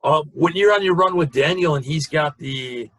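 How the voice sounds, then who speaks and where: A man's voice: on the high side, normal speed, fairly bright tone, rough recording. A man hosting an interview, asking hesitant, conversational questions. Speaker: podcast host.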